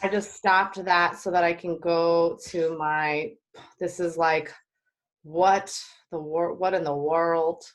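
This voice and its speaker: A woman's voice: lowish voice, fairly even intonation, takes it slowly. Lisping woman on a video call. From New York. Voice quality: slight lisp. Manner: playful, chatty. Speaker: guest performing artist. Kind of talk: casual livestream chat.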